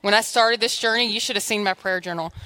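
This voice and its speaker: A woman's voice: mid-range voice, fast, sharp tone. A woman pastor giving a conversational, humorous sermon in church, exhorting her congregation.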